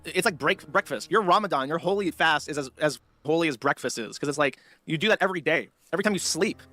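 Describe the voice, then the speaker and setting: A man's voice: on the high side, animated, fast talker, pushed and bright, no room sound, faint music behind. A man hosting a livestream, giving blunt, mocking commentary on video clips. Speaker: streamer host.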